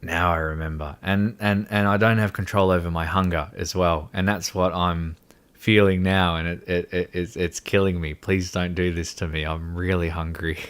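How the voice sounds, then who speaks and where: A man's voice: deep voice, fairly even intonation, moderate pace, fairly bright tone, clean tone. A young man hosting a casual livestream chat, rambling and mocking himself with frequent laughter. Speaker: livestream host.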